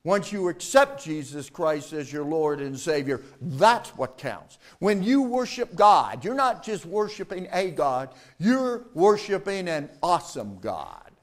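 Man preaching a sermon, high voice, slow deliberate pace, emphatic rises and quiet drops, calls for amens. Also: big pitch swings. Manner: calls out to the congregation for replies. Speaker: pastor.

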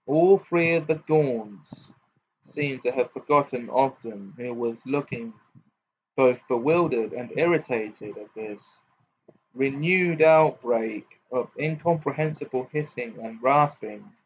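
Slow-reading man, muffled lo-fi audiobook. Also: medium pitch, slight background noise. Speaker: reader. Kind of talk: audiobook narration.

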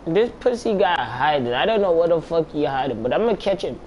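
A man's voice: on the high side, expressive, fairly quick, a little mellow, muffled recording, a little hiss or hum. A young man giving casual, slangy, profane commentary as he plays a video game, talking to himself between moves. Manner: slangy, profane, talks to himself while playing. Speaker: gameplay commentator.

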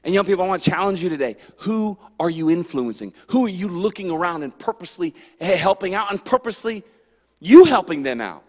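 Youth pastor, male, high-pitched, lively storyteller, echoing church hall. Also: a little fast. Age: adult. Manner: animated, storytelling with acted-out quotes. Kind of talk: youth sermon. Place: church sanctuary.

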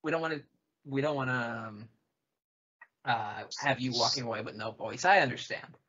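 A man's voice: mid-range voice, moderate pace, bright, forceful tone, husky. A man co-hosting a podcast, chatting casually and reading reviews aloud with joking asides. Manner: playful, joking, reads quotes with asides. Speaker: podcast co-host. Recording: dull lo-fi sound.

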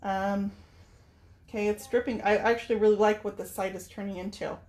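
A woman's voice: mid-range voice, fairly even intonation, brisk, a little mellow. Chatty woman painting furniture on camera. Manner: chatty, thinks aloud while working. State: tearful at times. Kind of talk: casual live painting demo.

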